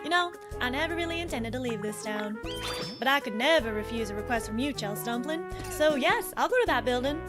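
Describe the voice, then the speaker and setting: A woman's voice: sits high, lively intonation, a little fast. A woman voicing a kindly chef character from a video game, reading the dialogue aloud with a put-on accent. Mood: fond. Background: game music.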